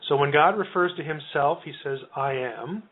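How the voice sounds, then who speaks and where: A man's voice: on the high side, moderate pace. A man who is a guest scholar patiently explaining an academic topic in a radio interview. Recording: tinny phone line.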